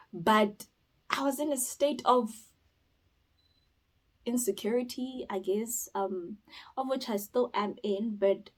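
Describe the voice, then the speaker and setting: Chatty, expressive young woman from South Africa. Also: fairly high pitch, rough recording. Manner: rambling and expressive, with sudden loud bursts and whispered asides. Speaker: YouTuber. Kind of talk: casual chat.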